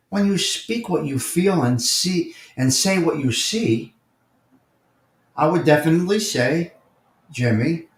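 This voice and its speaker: A man with a New York accent hosting a casual live morning chat stream, answering viewers by name and repeating his points with emphasis. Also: medium pitch. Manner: repetitive and emphatic, addresses chatters by name. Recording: roomy echo.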